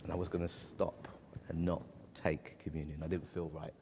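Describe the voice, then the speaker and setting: A man preaching a sermon, telling a personal story in a halting, emotional way, recorded in a church. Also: very deep voice, level tone, creaky, mellow, long reverb tail, a little hiss or hum. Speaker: pastor.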